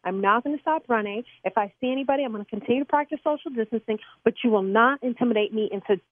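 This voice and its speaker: A woman's voice: a little high, no echo. Indignant woman on a tinny phone line. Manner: indignant, fast and defensive. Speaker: prank call target. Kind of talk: heated phone argument. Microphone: telephone.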